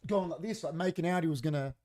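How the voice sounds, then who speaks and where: A man's voice: on the high side, fast. A man on a podcast in a studio, telling a story in casual, profane chat and acting out what people said. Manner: profane, animated, acts out quoted dialogue. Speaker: podcast co-host.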